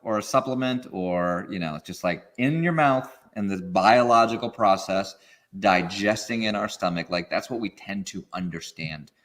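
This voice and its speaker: A man guest on a podcast interview, explaining in an animated way and acting out quoted feelings. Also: fairly low pitch, moderate pace. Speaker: guest expert.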